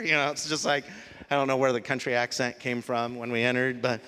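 A man preaching a sermon as pastor, animated, shifting from quiet reflection to loud emphasis. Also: mid-range voice, a little fast, clear, resonant tone. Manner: animated, swings from soft to loud. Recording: long hall reverb.

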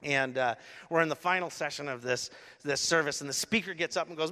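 A man's voice: on the high side, brisk, sharp tone. A middle-aged man preaching a sermon as a pastor, telling a story animatedly with lots of casual fillers. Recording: long hall reverb.

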